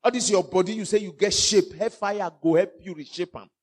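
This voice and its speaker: A Nigerian-accented man preaching a fiery sermon, mixing in pidgin and swinging from loud outbursts to hushed warnings. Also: sits high, brisk.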